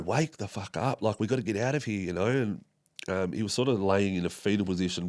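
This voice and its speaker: A young Australian man from Tasmania, a podcast guest recounting a personal story in a halting way, with many fillers and restarts. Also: low voice, darkish tone.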